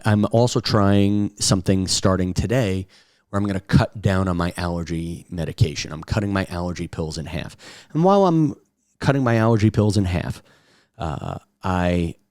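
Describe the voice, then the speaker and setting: A man's voice: fairly low pitch, no room sound, studio quality. A man from Long Island hosting a casual comic podcast monologue from his home kitchen, rambling with lots of fillers. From Long Island, New York. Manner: rambling, with frequent "uh" fillers and restarts. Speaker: podcast host. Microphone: camera recording at a desk.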